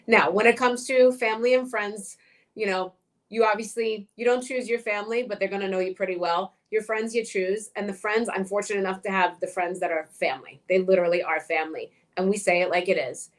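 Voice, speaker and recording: A woman's voice: medium pitch, fairly quick. Frank, outspoken middle-aged woman. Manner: direct, frank, swears, animated when quoting. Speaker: interview guest, coach. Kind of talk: casual interview chat.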